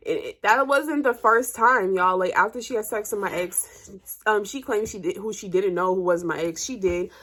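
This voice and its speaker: A woman's voice: medium pitch, normal speed. A young woman telling a personal story to her viewers in casual chat, blunt and profane, her voice jumping up when she gets heated. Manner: animated, voice jumps up when heated.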